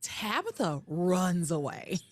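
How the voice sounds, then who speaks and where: A woman co-hosting a podcast, recapping episodes in animated casual chat and acting out quoted lines. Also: fairly low pitch, takes it slowly, dry recording. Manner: animated, recounting with quoted voices. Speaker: podcast co-host.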